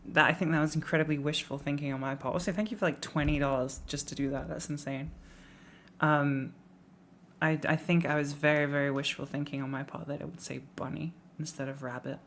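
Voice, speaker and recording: A young adult streamer with an English accent who grew up in the Midlands, talking casually to a live audience at home. The voice sits at a middle pitch and the talk wanders. It mocks itself and breaks into laughs, over a faint hiss of background noise. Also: steady tone, a little fast, fairly bright tone. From Midlands, England. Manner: rambling, self-mocking, laughs often. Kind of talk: casual live-stream chat reacting to tips.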